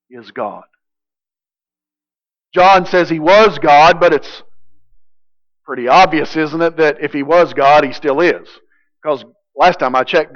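A man preaching a sermon, emphatic, swinging from hushed to loud. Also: on the high side, dull audio. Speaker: pastor.

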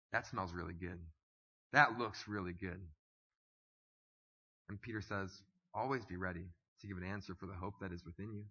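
A man preaching a sermon as pastor, swinging from hushed, slow lines to loud, stirring calls. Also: medium pitch, slightly rough. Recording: dull audio with long hall reverb.

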